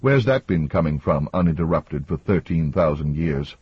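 A steady, reasoning ship captain, as a male audiobook narrator voices him, lightly lifted above the narrator's low voice. The tone is husky and breathy. It sounds dry and a bit dull. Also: moderate pace, no echo, full character voice.

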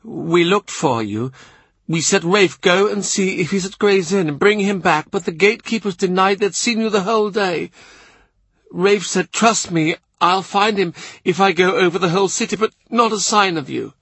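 Storybook role: man doing an anguished woman servant, pitched high, pressing. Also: moderate pace, fairly bright tone, breathy edge, no room sound, full character voice. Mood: distraught. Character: grieving older woman of the household.

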